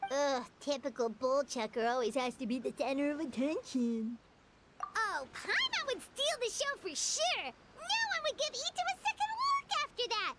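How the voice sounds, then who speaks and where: Squeaky excitable fairy girl. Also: moderate pace, a little hiss or hum. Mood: cheeky, chirpy. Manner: talks about herself in third person, excitable. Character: tiny bubbly fairy companion girl, cheeky. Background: game music.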